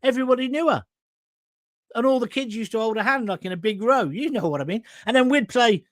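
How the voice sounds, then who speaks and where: A man's voice: very high-pitched, fast, no room sound. A man, hosting an online talk show and chatting casually through viewer comments in a blunt, jokey way with crude asides. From England.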